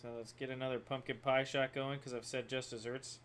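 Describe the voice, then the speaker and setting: A man's voice: mid-range voice, flat delivery, a little fast, a bit bright, a little hiss or hum. A man co-hosting a sports podcast, talking casually in a playful, teasing way and laughing often. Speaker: podcast co-host. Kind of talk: casual chat.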